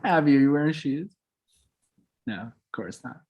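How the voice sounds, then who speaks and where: A man's voice: a little high, a little mellow, lo-fi sound. A man hosting a podcast, asking questions in a playful, joking way. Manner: jokey, playful, quick to laugh. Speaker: podcast host. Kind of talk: casual chat.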